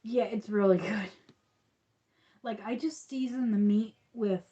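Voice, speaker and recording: A woman's voice: medium pitch, unhurried, mellow, breathy edge, dull audio. A woman hosting a crochet livestream, chatting casually and rambling with frequent laughs.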